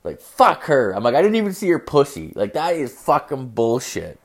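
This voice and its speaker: A man's voice: mid-range voice, very animated, normal speed. A young man telling a profane, rambling story as a rant, full of fillers and crude asides.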